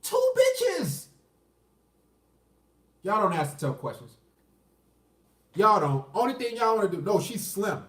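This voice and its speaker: A man's voice: sits high, lively intonation, normal speed, long pauses, a bit bright, recorded from a distance. A man, ranting crudely on a livestream and answering chat questions. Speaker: dating commentary streamer. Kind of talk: unscripted livestream rant. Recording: roomy echo, off the mic.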